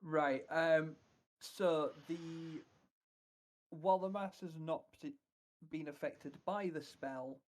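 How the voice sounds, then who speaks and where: A man narrating as dungeon master in a tabletop game, hesitant and full of "kind of" and "um". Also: a little high.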